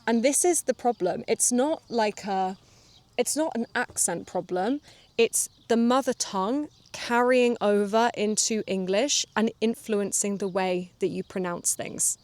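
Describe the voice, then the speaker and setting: A woman hosting a relaxed English-learning podcast, explaining things calmly and drawing out her vowels. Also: medium pitch, measured pace, no room sound. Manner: calm, explanatory, draws out vowels. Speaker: English teacher and podcast host.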